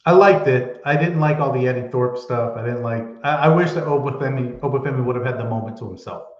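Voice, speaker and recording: A man's voice: mid-range voice, fast talker. Opinionated man on an echoey, dull podcast mic. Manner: opinionated, thinks aloud with hedges. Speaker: podcast co-host. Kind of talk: casual wrestling chat. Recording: echoey room, dull lo-fi sound.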